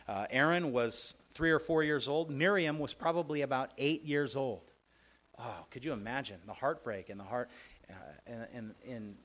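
A man preaching a sermon and teaching from the Bible in a conversational way. He swings between loud emphasis and soft asides, and he asks the listeners questions. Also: medium pitch.

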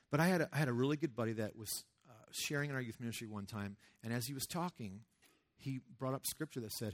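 Casual preaching man, animated. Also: mid-range voice, fast. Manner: conversational, animated, acts out quoted voices. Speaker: youth pastor. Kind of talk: casual sermon.

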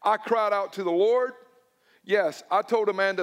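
A male pastor, preaching a sermon and swinging between loud emphatic lines and hushed, personal ones. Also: high voice, steady tone, normal speed, big-room sound. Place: church sanctuary.

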